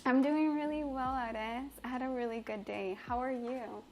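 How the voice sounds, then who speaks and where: A young woman from Mexico whose first language is Spanish chats with her livestream viewers from her home kitchen. Her voice sits a little high, and she is bubbly and quick to giggle. A light background hiss runs under the casual talk. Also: steady tone, dull audio. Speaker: livestreamer and chef. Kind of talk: casual livestream chat reading comments.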